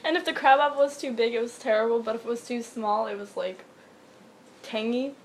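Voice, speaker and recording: A young woman chatting casually, telling animated childhood stories with lots of laughing and some swearing. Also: on the high side, brisk, a little hiss or hum. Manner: animated storytelling, laughing, acts out childhood quotes. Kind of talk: casual chat.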